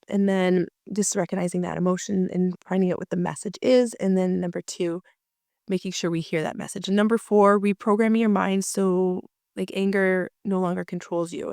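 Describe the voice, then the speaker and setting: A woman's voice: mid-range voice, fairly even intonation, a little fast, a little mellow, no room sound, studio quality. A woman working as a marriage coach, talking casually and chattily with many fillers and restarts.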